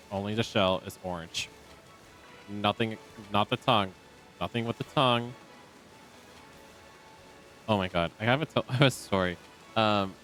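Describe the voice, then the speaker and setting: Male game streamer, a bit low-pitched, loose and chatty, lots of ums, desk mic with faint game music underneath. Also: fairly bright tone. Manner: rambling and chatty, with many ums. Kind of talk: casual live-stream chat. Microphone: desk microphone.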